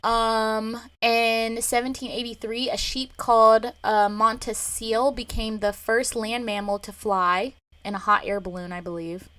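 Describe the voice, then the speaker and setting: A young woman co-hosting a podcast in casual chat, pausing often with fillers as she reads out facts. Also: fairly high pitch, flat delivery, fairly bright tone, no echo. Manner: hesitant, many fillers. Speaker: podcast co-host.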